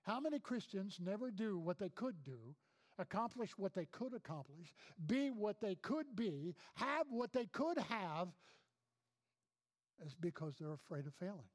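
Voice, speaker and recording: A man's voice: high-pitched, very animated, unhurried. A male pastor delivering a sermon, emphatic, repeating key phrases and telling personal stories. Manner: emphatic preaching with repeated phrases and storytelling asides.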